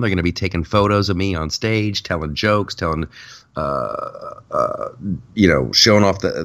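A man, a stand-up comedian hosting a podcast, rambling through a casual comedic rant with many restarts, short on sleep. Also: deep voice. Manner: rambling, repeats words, restarts.

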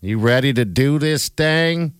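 Brisk male radio host. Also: medium pitch, expressive, smooth, dry recording, studio quality. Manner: brisk, runs the calls. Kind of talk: morning radio banter.

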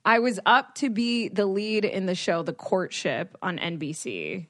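A woman's voice: mid-range voice, unhurried, no echo, studio quality. A woman in her thirties co-hosting a podcast, telling stories in casual chat and acting out her parents' lines. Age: 30s. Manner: animated storyteller mimicking her parents. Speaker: podcast co-host.

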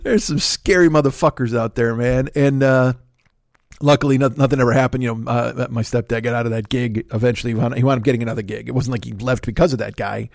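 A middle-aged man with a Chicago accent telling a profane, animated story in casual chat, swearing often and laughing between lines. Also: mid-range voice, quick pace, creaky, no echo, clean studio sound. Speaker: podcast host.

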